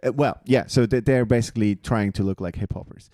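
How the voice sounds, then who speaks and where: A man's voice: fairly low pitch, brisk, dark tone, no echo, clean studio sound. A man co-hosting a casual podcast, teasing and chatting. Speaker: podcast co-host. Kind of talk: casual chat.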